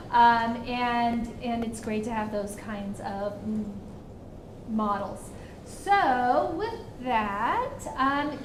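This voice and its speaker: A woman moderating a panel discussion, speaking with hesitant fillers. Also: high-pitched. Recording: echoey room with noise.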